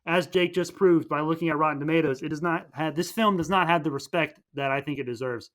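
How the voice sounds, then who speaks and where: A man's voice: on the high side, brisk, fairly bright tone. A young man co-hosting a film podcast, chatting casually and enthusiastically, often restarting his sentences. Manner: rambling, enthusiastic, with many restarts. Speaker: podcast co-host.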